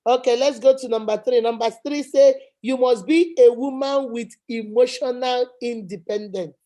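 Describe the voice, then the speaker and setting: A woman's voice: on the high side, moderate pace, dark tone. A woman hosting a talk show, giving emphatic advice and driving her points home. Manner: preachy, emphatic, repeats points. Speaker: channel host. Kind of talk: advice chat.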